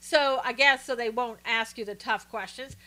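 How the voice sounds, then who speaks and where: A woman's voice: on the high side, normal speed, sharp tone. A woman hosting a live stream, chatting casually through political commentary and greeting viewers by name, with frequent fillers.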